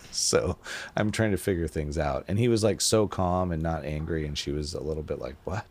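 A man's voice: very deep voice, moderate pace, vocal fry, a little mellow. A man hosting a podcast, telling a rambling story in casual chat and acting out the quotes as he goes. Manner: rambling storyteller, acts out quotes, laughs often. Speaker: podcast host.

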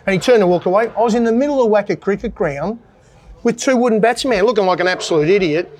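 A man's voice: high-pitched, fast talker, darkish tone. Older Australian man spinning yarns. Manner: anecdotal, self-mocking, laughs at own stories. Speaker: former cricketer guest. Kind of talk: casual storytelling interview.

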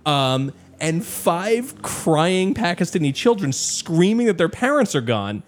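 A young man telling a story in casual chat, animated and swearing often, acting out other people's lines. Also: high voice, takes it slowly.

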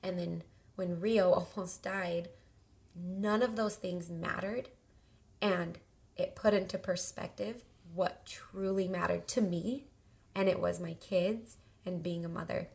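A woman's voice: on the low side, fairly even intonation, takes it slowly, creaky, a little mellow. A woman co-hosting a podcast, speaking sincerely and candidly in a casual chat. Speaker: podcast co-host.

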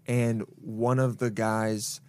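A man's voice: on the low side, flat delivery, slow, darkish tone. A young man co-hosting a podcast, talking in a rambling, joking way with lots of fillers. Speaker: podcast co-host. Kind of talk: casual chat.

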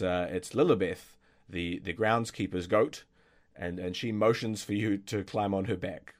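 Low-voiced man running a tabletop game. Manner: hesitant, many fillers and restarts. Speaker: game master.

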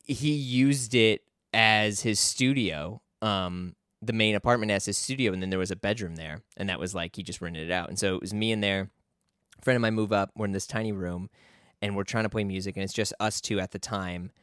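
Low smooth-voiced man telling a story. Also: brisk, fairly bright tone, no room sound, clean studio sound. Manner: rambling, lots of filler and restarts. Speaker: podcast guest. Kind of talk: casual storytelling.

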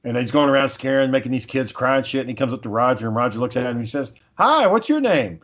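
A man's voice: medium pitch, little pitch movement, racing. Swearing laid-back storyteller man. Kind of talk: casual chat.

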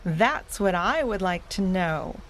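A woman's voice: on the low side, fairly even intonation, unhurried, vocal fry, slight background noise. A woman voicing a protective mother dog in a children's audio story, firm and reassuring. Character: protective mother dog, strict but loving.

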